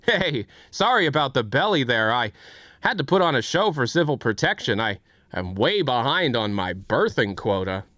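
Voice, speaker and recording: A man's voice: medium pitch, moderate pace, dry recording, studio quality. A man chatting casually on a livestream, joking with his chat and trying out impressions. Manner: joking, does impressions, lively. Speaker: streamer.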